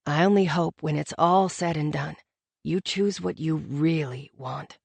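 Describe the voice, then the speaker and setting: Woman narrator doing a tender young lover, low-key and earnest, a soft pleading voice. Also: unhurried, creaky, slightly rough, dry recording, exaggerated voice. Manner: gentle, soft-spoken, pleading. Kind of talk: audiobook character voice.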